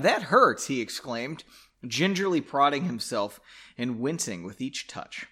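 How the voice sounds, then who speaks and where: This podcast host has a mid-range, fairly bright voice. He sips a drink while reading from a novel he wrote, constantly interrupting himself with crude, sarcastic jokes at his own expense in a comic read-aloud.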